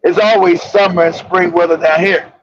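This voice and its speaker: A man hosting a casual talk show, telling rambling, profane stories with bursts of shouting. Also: sits high, steady tone, normal speed, a little hiss or hum. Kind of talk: casual storytelling chat. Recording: dull lo-fi audio.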